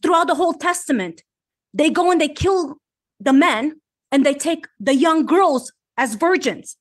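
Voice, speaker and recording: A woman's voice: high voice, lively intonation, a little slow. A woman on an online panel discussion who reads scripture aloud and gets heated and emphatic as she argues.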